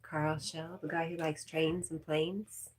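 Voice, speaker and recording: A woman's voice: low voice, flat delivery, slow pace. A woman hosting a casual livestream, reading viewer comments aloud and chatting back with frequent laughs. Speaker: livestream host.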